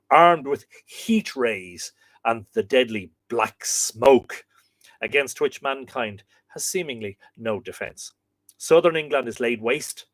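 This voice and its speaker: An Irish man with a medium-pitched voice hosts a live show, recorded with no echo, reading a book chapter aloud. He uses dramatic pauses and slows down for quoted passages.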